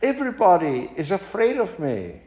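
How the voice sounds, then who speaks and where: Scottish grandpa doing a cheeky chirpy mouse. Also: male voice, huge pitch swings, normal speed. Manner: high, bright and chirpy. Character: bold little male mouse, clever and cheeky.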